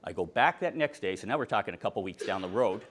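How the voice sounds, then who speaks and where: A man's voice: on the low side, fast. An older man from Pennsylvania telling a collecting story in a presentation, acting out the people he met in conversation. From Pennsylvania, USA. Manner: animated storyteller acting out dialogue. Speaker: insulator collector giving a presentation. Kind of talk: storytelling talk with slides.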